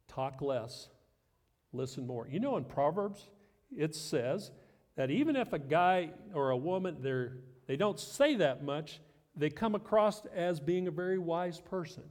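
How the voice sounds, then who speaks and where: A man's voice: a little high, a little mellow, in a large hall. A middle-aged man preaching a sermon as pastor, conversational and self-deprecating with light humor.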